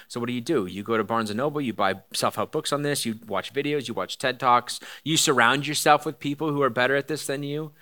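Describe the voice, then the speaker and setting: Bright-voiced man preaching casually. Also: medium pitch, fast, few pauses. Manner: rambling, many fillers and restarts, jokey asides. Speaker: pastor. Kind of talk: casual conversational sermon.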